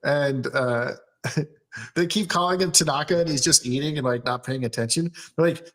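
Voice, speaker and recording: A show host with a voice on the high side and a fairly bright tone talks at a moderate pace. He laughs and swears a lot while recapping an anime episode on his casual chat show, raising his voice to act out the characters' quotes.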